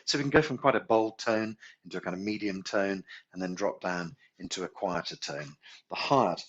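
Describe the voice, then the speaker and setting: A low-voiced man leads a meditation class, calmly guiding each breath and sounding long humming tones. His voice is husky and a little rough at the edges. The recording is dull and lo-fi. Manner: gentle, unhurried guidance with sung tones and hums. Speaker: meditation and qigong teacher. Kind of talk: guided healing class instruction.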